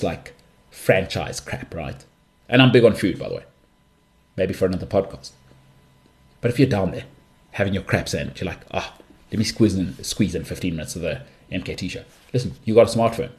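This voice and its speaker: A man's voice: sits low, a little mellow. A young man hosting a solo podcast, talking in a chatty, jokey way and jumping between asides. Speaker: podcast host.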